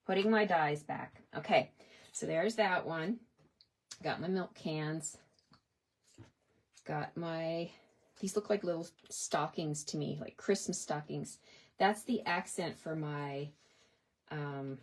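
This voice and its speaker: A woman from Canada demonstrating a paper craft in a casual tutorial. She chats with viewers, talks to herself as she works and laughs often. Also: sits low. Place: home craft desk.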